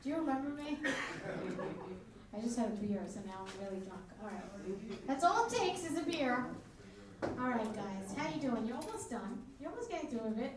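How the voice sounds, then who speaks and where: A woman hosting a comedy club, bantering crudely and mocking herself between acts in front of a live audience. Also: fairly high pitch. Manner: brash, crude, self-mocking banter with the crowd. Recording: echoey club, distant mic, crowd noise.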